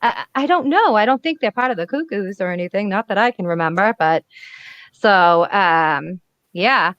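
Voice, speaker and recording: A woman hosting casual comic commentary on a webcam, blunt, profane and excitable. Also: mid-range voice, normal speed, no room sound, highs cut off. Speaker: comic reviewer host.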